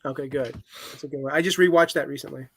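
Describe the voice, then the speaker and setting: Enthusiastic higher-voiced male co-host. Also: fast talker, creaky, slightly rough, no echo. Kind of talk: casual chat.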